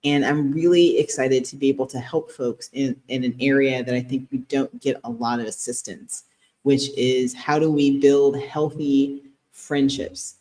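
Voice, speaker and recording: A woman's voice: a bass voice, fairly even intonation, a little slow, mellow. A woman co-hosting a podcast as a relationship therapist, talking earnestly and explaining things in casual chat, often breaking into giggles.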